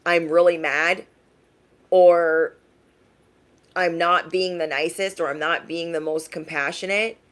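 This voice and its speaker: A young adult woman giving a casual livestream tarot reading in a frank, emphatic way, often tagging her points with a quick question. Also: low voice, a bit bright. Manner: emphatic, frank, tags lines with "okay?". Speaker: tarot reader.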